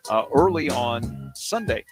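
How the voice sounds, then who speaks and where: A man's voice: mid-range voice, big pitch swings, unhurried, over music. A man with a Midwestern accent hosting a sports radio show, chatting casually and playfully telling stories. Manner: chatty, jokey, playful storyteller.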